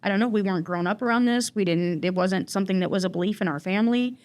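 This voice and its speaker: Speaking as an interview guest in recovery, this woman tells her own story with plenty of fillers and restarts as she rambles. She talks fast, with a medium pitch and a darkish tone.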